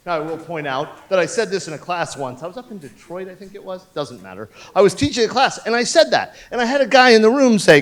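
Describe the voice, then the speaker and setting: A man's voice: high-pitched, big pitch swings, fast, hardly any pauses. A man in his fifties giving a conference talk from a stage, blunt, profane and joking. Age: 50s. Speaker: conference speaker.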